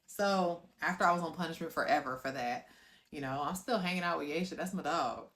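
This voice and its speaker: A woman from South Florida recounting her life story in a low voice. She tells it in an animated way, talks straight to viewers and acts out scenes with sound effects. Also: a little fast. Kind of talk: personal storytelling to camera.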